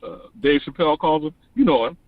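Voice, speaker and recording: A man calling in to an online talk show, delivering an animated, preachy monologue that rises to emphatic declarations. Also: on the high side, brisk, no room sound. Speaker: caller. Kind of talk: passionate call-in monologue. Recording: dull lo-fi dry call-in audio.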